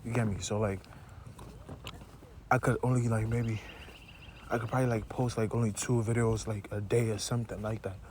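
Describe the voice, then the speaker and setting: A man's voice: fairly low pitch, flat delivery, moderate pace, long pauses, darkish tone. Rambling young man chewing gum. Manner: rambling, full of fillers like "you know" and "like"; chewing gum while talking. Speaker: vlogger. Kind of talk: casual vlog chat. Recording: faint background noise.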